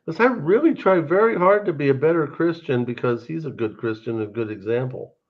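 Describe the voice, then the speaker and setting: A man from Serbia, joining a livestream chat as a guest and telling stories in an animated way. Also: fairly high pitch, brisk. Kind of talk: casual chat. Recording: dull lo-fi call over hotel internet.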